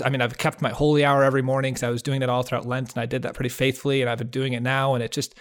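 Earnest man sharing a heartfelt story. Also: medium pitch. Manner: earnest, heartfelt storytelling with restarts and soft laughs. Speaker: podcast co-host. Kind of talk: casual faith podcast chat over video call. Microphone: video call setup.

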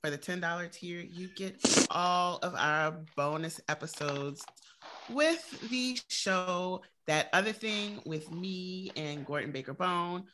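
A woman's voice: on the low side, slow pace, background noise. A woman with a New Orleans accent, co-hosting a podcast and telling blunt, profane stories in casual chat. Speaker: podcast co-host.

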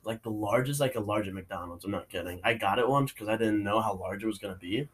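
Young male co-host, low-pitched, laid-back slangy chatter. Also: quick pace, husky. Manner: laid-back, says "dude" and "bro". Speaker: podcast co-host. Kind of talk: casual chat.

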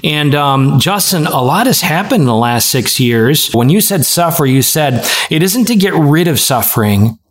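A man's voice: a little high, animated, moderate pace, few pauses. A man hosting a radio interview, speaking in a conversational, affirming way to his guest. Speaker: radio show host.

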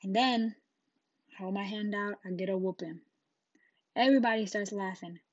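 Woman telling a lively story. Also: medium pitch, moderate pace, dry recording. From Jamaica. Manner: animated, acting out scenes and voices. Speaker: podcast host. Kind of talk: casual storytelling. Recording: dull lo-fi dry recording.

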